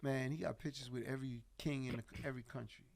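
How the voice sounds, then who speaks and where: Gravelly man telling an animated story. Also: mid-range voice, fast. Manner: animated, laughs often, acts out quotes. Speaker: podcast guest. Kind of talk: casual storytelling chat.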